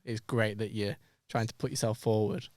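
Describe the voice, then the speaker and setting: A man's voice: on the low side, steady tone, moderate pace, a little mellow, no room sound, clean studio sound. A young man hosting a casual comedy podcast, laughing often and trailing off into fillers. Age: young adult. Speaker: podcast host.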